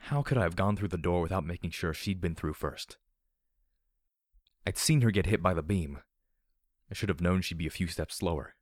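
A man narrating a first-person story in a steady, grave reading. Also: low voice, normal speed, pauses often, no echo, studio quality. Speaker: audiobook narrator.

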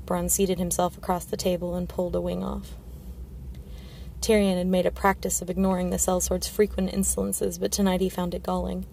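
Woman narrating a fantasy novel, gravelly, flat, measured, faint hiss. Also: lowish voice. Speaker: audiobook reader.

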